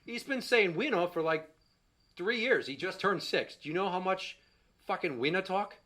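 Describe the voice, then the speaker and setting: A man's voice: sits high, moderate pace, pushed and bright. A man in his thirties doing a stand-up set about his kids, profane and exasperated, telling stories on a handheld mic in front of a live audience. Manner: profane, exasperated storytelling, voices his young son. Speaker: stand-up comedian. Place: small comedy stage before a live audience. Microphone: handheld microphone.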